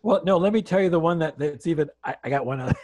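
Speaking in a rapid-fire voice on the high side, a man from Canada tells stories as a guest speaker on an online call. He brings the dialogue to life, acting it out energetically.

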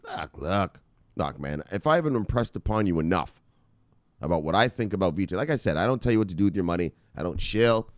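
A man hosting a crypto news show, talking in an excited, casual way, shouting catchphrases, laughing and swearing. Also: low voice, a little fast, no echo, studio quality. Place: home near the beach.

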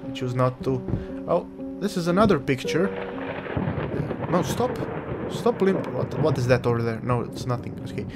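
Animated and speaking at normal speed, this man has a mid-range voice. He's a let's-play gamer, Croatian by first language, giving casual, joking commentary on a horror game, rambling and talking back at it over the game's music.

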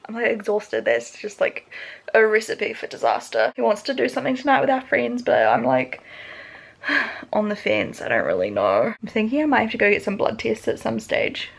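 Vlogging casually in her bedroom at home, a young woman from New Zealand with a New Zealand accent rambles tiredly, chatting and laughing often. She speaks at normal speed on the high side, her pitch swooping wildly, with vocal fry and a breathy edge.

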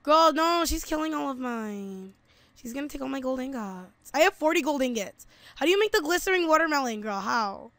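Woman, giggly, chatty gamer, high voice, dry. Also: expressive, brisk, no room sound. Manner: giggly, chatty, calls her friend "girl", sing-song chanting. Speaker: gameplay video host. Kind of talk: casual gaming chat.

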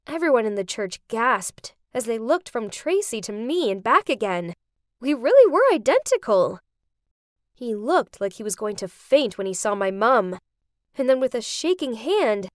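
A woman tells a first-person story with expressive, dramatic narration. Her voice sits high and swoops around a lot. The recording is dry and close. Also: a little slow, dry recording.

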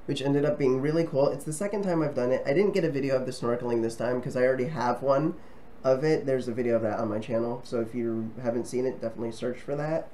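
A man of ordinary middle pitch chats easily to his viewers in a relaxed vlog. He rambles and restarts his sentences, with many ums along the way. A faint hum of ambient noise sits behind him. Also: quick pace, hardly any pauses. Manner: friendly and chatty. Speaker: travel vlogger. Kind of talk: casual talk to camera.

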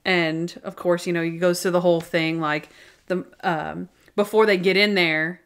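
A woman co-hosting a podcast in casual chat, animated and laughing often as she retells favorite scenes. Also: on the low side, moderate pace, clean tone. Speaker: podcast co-host.

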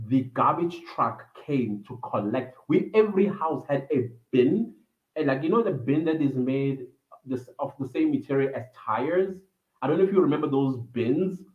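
A man from Africa, hosting a livestream and telling a personal story in a reminiscing, meandering way with many fillers. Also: on the high side. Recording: echoey room over a tinny phone-like line.

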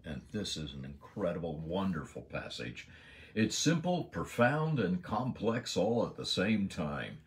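A man's voice: deep voice, animated, unhurried, hardly any pauses. A man giving an earnest devotional Bible lesson, stressing key words with emphasis. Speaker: Bible teacher.

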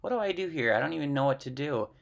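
A man's voice: a little high, expressive, very fast, vocal fry. A man voicing a young, unsure hen about to lay her first egg, in a wondering tone.

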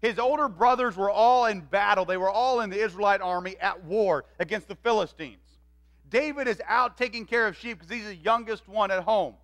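A man preaching a sermon, retelling a story in an animated way and acting out its voices. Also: sits high, moderate pace. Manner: animated, acts out quoted voices. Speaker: pastor. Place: church.

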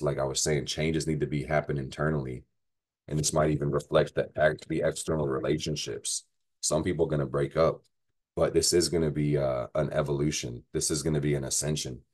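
A man's voice: extremely low pitch, a little mellow. A man giving a casual astrology forecast, profane and rambling, joking as he goes through the week. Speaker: astrology vlogger.

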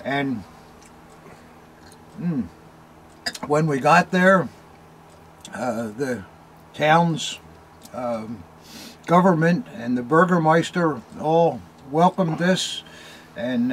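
An older man hosting a show, telling a story slowly in a rambling, casual way with many ums and uhs while smoking a cigar. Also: a little high, animated, slight background noise. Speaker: host.

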